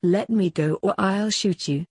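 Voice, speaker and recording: A hostile male alien assassin, curt and demanding, read by a woman. Her voice is husky and dark-toned, close and dry, in a slow storybook reading. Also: medium pitch, no echo.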